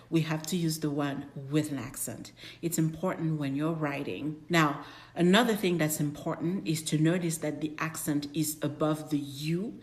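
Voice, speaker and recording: A woman's voice: low-pitched, a little mellow. A woman whose first language is French, teaching a beginner French lesson with patient, careful explanations and frequent repetition.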